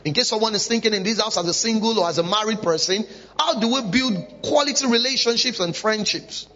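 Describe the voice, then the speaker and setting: Man, pastor, sermon, high-pitched, muffled lo-fi sound. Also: a little fast, bright, forceful tone. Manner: emphatic preaching with rhetorical questions. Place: church. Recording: dull lo-fi recording.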